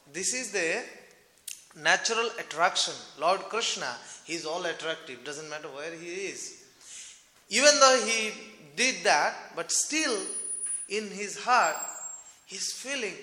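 A man's voice: a little high, measured pace, long pauses, pushed and bright. A man telling a devotional story in a loose, conversational way, with frequent fillers. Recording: echoey hall with long reverb.

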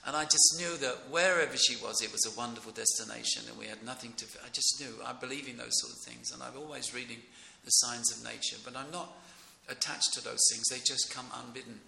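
A middle-aged man gives a rambling, excitable devotional class, his gravelly voice carrying a hard, forceful edge. He chuckles often as he talks. The sound is roomy and echoey, with a faint noise underneath. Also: medium pitch, a little fast, hardly any pauses. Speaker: speaker giving a devotional class. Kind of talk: informal devotional class talk.

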